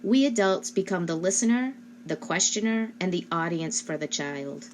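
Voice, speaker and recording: A woman giving instructional narration as a speech therapist, speaking slowly and carefully and modeling questions for a child. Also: fairly low pitch, lively intonation, darkish tone, slight background noise. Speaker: speech-language pathologist.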